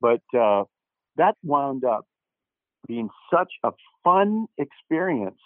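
An older man, an actor guest, telling lively anecdotes and acting out the dialogue, with many false starts. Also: mid-range voice, slow, no room sound. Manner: animated storyteller who acts out quoted dialogue, with frequent restarts. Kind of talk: anecdotal interview storytelling. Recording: dry, tinny phone-like line.

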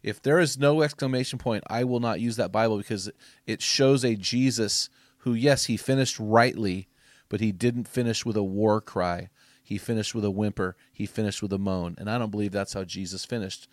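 A middle-aged man giving a preaching-style podcast talk to men as ministry speaker and host, emphatic and exhortative, rising to loud punchy bursts. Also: on the low side, moderate pace, no room sound, studio quality.

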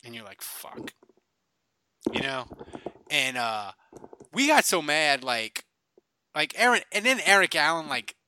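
A man's voice: a little high, sing-song, unhurried, pauses often, bright, forceful tone, slight background noise. A middle-aged man from Louisiana telling rambling sports stories in casual chat, full of fillers and restarts. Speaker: podcast co-host.

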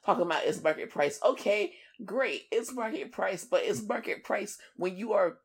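A woman co-hosting a podcast in casual chat, telling a story in an animated, profane way and acting out the other people in it. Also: mid-range voice, normal speed, gravelly, husky. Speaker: podcast co-host.

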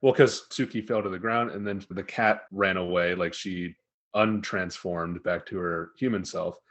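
A man co-hosting a casual podcast, recapping an anime episode in a profane, animated storytelling manner. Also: deep voice, moderate pace. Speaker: podcast co-host.

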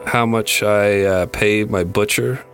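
A man co-hosting a podcast in casual comedic chat, with deadpan jokes and rambling questions. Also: lowish voice, takes it slowly, soft background music. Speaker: podcast co-host.

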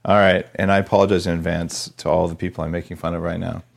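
A man's voice: sits low, little pitch movement, creaky. A man from New Mexico hosting a podcast interview in a casual, joking, rambling way. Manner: chatty, joking, fast-rambling. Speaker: podcast host. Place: home podcast studio.

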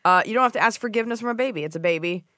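A woman's voice: mid-range voice, pushed and bright, no room sound. Joking woman podcast host, dry close sound. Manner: quick, joking, slips into mock voices. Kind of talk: comedic casual chat.

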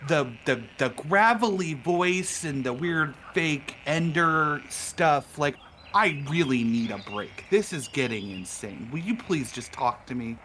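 A man's voice: on the high side, expressive, a little slow, bright, forceful tone, slight background noise. Man doing a fussy rich complaining guest. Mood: exasperated. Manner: whiny, flustered, stammering.

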